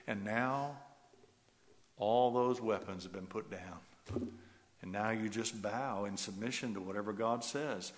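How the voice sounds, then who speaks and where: A man preaching a sermon, swinging from loud rising exhortation to hushed, soft passages. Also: medium pitch, a little slow, long pauses, long reverb tail. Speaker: pastor.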